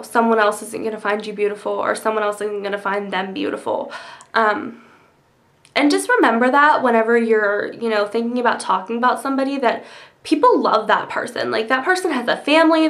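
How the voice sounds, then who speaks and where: Young woman vlogging, kinda high voice, chatty with lots of ums and likes, has hiccups. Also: a bit bright. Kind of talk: casual answers to a tag video.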